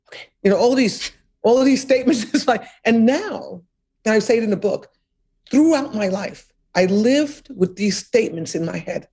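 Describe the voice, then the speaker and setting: Older woman guest, husky voice, earnest and emphatic, repeats herself, laughs a bit. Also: fairly high pitch, a little fast, mellow. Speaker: interview guest, author. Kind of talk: reflective interview conversation.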